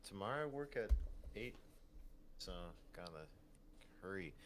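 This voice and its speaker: A man's voice: deep voice, animated, measured pace, slight background noise. A man in casual late-night chat with a friend, giving short, easygoing replies.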